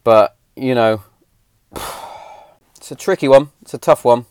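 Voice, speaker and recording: A man in his thirties ranting on a podcast, blunt and full of swearing. His pitch sits in a middling range, and he gets heated as he talks. The sound is dry and close, with no room echo. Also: a little slow, darkish tone, smooth. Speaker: podcast host. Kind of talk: casual podcast rant.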